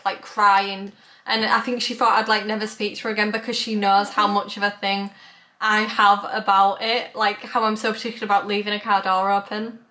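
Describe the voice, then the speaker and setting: A young woman telling a story to camera in a chatty, animated way. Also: medium pitch. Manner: chatty, animated, lots of "like" and "bless her". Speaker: vlogger.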